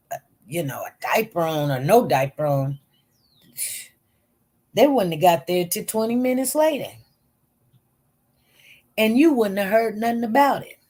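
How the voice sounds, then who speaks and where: A woman giving casual, emphatic commentary on news stories, repeating herself and talking informally. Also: lowish voice. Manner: emphatic, repetitive, animated.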